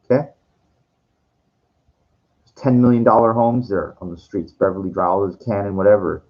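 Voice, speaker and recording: Brisk and lowish, this man's voice comes through a muffled recording. He's a streamer delivering a meandering, profanity-laced monologue with frequent restarts, occasionally imitating others as he quotes them.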